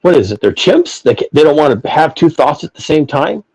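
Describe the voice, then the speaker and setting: A man talks through a philosophical discussion with blunt, profane emphasis. His voice is mellow and dark, with a husky, slightly rough texture. He circles back and repeats phrases as he drives each point. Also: a little high, sing-song, fairly quick, poor audio. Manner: emphatic, profane ranting with repetitions. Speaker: podcast host.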